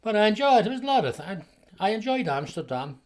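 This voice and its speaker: A man's voice: high-pitched, sing-song, fast talker. A Scottish man in his seventies, a podcast guest rambling through anecdotes with frequent chuckles and restarts. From Scotland. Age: 70s. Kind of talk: casual storytelling conversation.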